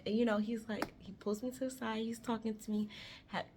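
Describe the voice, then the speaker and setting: A woman around thirty telling a story on her vlog in a chatty, animated way, swearing freely and talking straight to her viewers. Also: fairly high pitch, brisk, noisy background.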